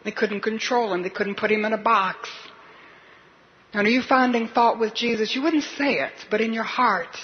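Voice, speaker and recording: A woman's voice: fairly high pitch, normal speed, muffled recording, slight background noise. A woman preacher delivering a sermon in an earnest, questioning, urgent manner.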